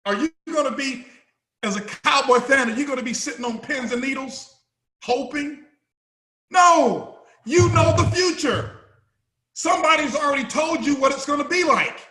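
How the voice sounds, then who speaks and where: A man with a very high, bright, forceful voice delivers an emphatic motivational speech, repeating himself and pressing every point. His voice rings out in a roomy, echoing hall. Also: fairly quick. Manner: emphatic, repetitive, preaching. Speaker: company CEO giving a motivational talk.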